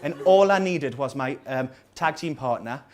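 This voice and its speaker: A man's voice: medium pitch, lively intonation, normal speed, a little mellow, slight background noise. A man in his thirties with a Geordie accent, doing a rambling, self-mocking stand-up set in a small coffee house. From North East England. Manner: rambling self-mocking storytelling with dry asides. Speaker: stand-up comedian. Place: small coffee house venue with a live audience.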